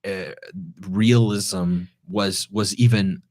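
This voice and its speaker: A man's voice: fairly low pitch, steady tone, slow, a little mellow, no room sound, clean studio sound. Rambling man in casual podcast chat. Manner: rambling, many restarts and fillers. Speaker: podcast co-host.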